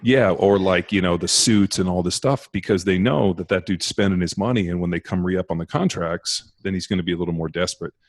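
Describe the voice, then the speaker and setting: A man with a very low voice rattles through stories at a quick clip, swearing freely in casual podcast talk. His voice sits close and dry, with no room around it. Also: no echo. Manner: profane, rapid storytelling. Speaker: former pro football player, podcast guest.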